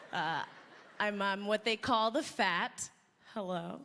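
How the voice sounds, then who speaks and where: A woman's voice: mid-range voice, takes it slowly, vocal fry, in a large hall. A woman comedian doing a self-deprecating stand-up set on a live stage, chatty and full of asides to the crowd. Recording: live show with loud crowd noise.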